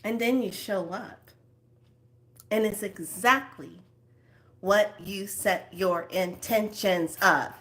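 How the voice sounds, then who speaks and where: Slow-spoken woman giving a spiritual pep talk. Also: mid-range voice. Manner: slow, drifting between soft whispers and lively acted asides. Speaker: spiritual self-help speaker. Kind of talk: motivational talk to viewers.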